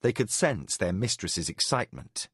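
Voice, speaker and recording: A man reading a fantasy novel aloud in measured, expressive scripted narration. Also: lowish voice, breathy edge, no room sound, clean studio sound. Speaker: audiobook narrator.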